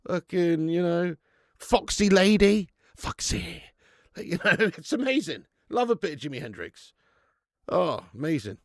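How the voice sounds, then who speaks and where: A man with a gravelly, slightly high voice runs a live football watch-along, trading sweary, laughing banter with his chat. The sound is close and dry, with no room around it. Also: very animated, unhurried, no room sound.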